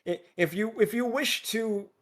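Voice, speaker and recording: A man's voice: high-pitched, moderate pace, fairly bright tone. A man hosting a live stream, chatting casually, stammering and restarting often and breaking into laughs. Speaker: streamer host.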